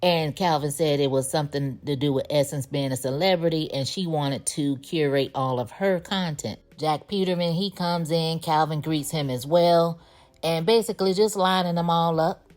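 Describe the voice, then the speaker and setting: A woman's voice: low voice, fairly even intonation, normal speed, a little mellow. A woman giving a casual spoken recap of a TV episode, telling the story in a chatty way with sassy asides. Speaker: TV show recap reviewer.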